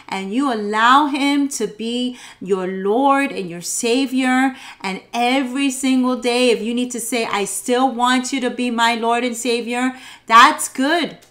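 A woman co-hosting a devotional podcast, speaking earnestly and reading scripture aloud in a measured way. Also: high voice, a bit bright. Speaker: podcast co-host.

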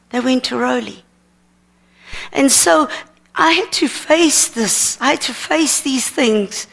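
A middle-aged woman teaching at a ministry seminar, sharing a personal testimony in an earnest, halting way with repeated words. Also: high voice, gravelly.

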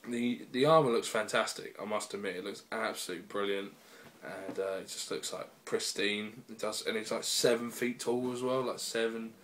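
A man's voice: fairly low pitch, fairly bright tone, slight background noise. A man giving a casual, rambling spoken review on a laptop mic, peppered with fillers and swearing. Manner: rambling and profane, full of fillers. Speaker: video reviewer.

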